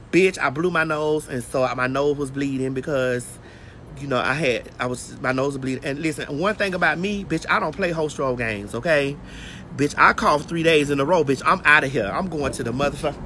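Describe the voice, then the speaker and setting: A woman's voice: low-pitched, moderate pace, fairly bright tone, a little hiss or hum. A woman hosting a casual phone livestream outdoors while getting her hair braided, telling a brash, profane story. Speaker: host.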